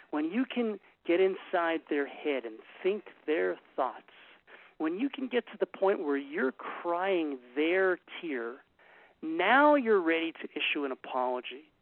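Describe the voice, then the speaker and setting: Earnest, gravelly man on tinny radio. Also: fairly high pitch, very animated, unhurried. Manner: emphatic, earnest, storytelling. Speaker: relationship speaker. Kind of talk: talk to a group. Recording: tinny phone-like radio sound.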